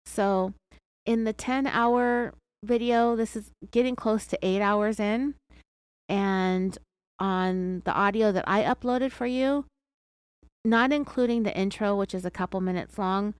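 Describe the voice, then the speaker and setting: A woman's voice: mid-range voice, a little slow, clean tone, dry recording. A woman with an American accent hosting a true crime podcast, telling the story in a sarcastic, chatty way. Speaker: podcast host.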